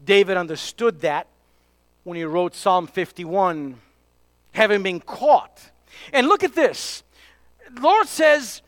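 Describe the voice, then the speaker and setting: A man preaching a sermon, emphatic, dropping to hushed tones for key points. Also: extremely high pitch, moderate pace, no echo.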